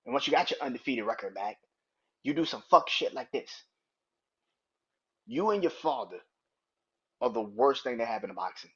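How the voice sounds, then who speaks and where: A man's voice: medium pitch, bright, forceful tone, slightly rough. A man hosting a solo sports podcast, ranting in a heated, profane, emphatic way. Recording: dull lo-fi recording.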